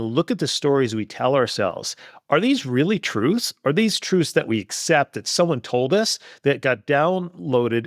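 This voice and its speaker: Male host, blunt and motivational, very lively intonation, dry close mic. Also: medium pitch, no echo. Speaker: podcast host. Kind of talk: conversational interview.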